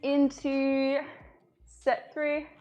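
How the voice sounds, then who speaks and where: Woman fitness coach, unhurried cues, slightly out of breath, easy laughter, live workout stream. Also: sits high. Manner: slow, calm cueing with frequent laughter.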